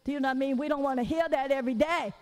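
A woman preaches in a high, bright register, candid and conversational. She laughs easily and throws rhetorical questions to her listeners. Her voice rings out into a long hall reverb. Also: steady tone, racing. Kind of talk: conversational sermon.

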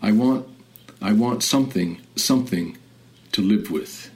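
A man reading the part of a grieving young woman who pleads in a soft, murmuring voice. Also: fairly low pitch, measured pace, close to an everyday voice. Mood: heartbroken.

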